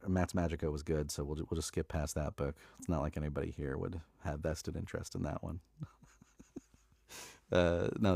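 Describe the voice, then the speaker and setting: Casual male host with a low voice and a dry, close sound. Relaxed, rambling, filler-heavy live-stream chat. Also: creaky, no echo. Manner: laid-back and chatty, many fillers and laughs, says "dude".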